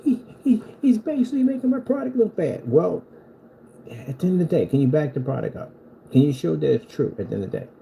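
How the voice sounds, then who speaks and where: A man's voice: a little high, very animated, fast talker, vocal fry, dark tone, low-quality recording. Guy selling screen paint, mocking a rival in a heated rant, swoopy voice, slight background hiss. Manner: mocking, combative.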